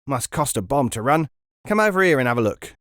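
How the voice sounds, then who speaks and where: A man voicing a pushy male stallholder who calls out to a passer-by in quick, hearty patter. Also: mid-range voice, sing-song, a bit bright, no room sound, studio quality, pitched above the performer's own voice.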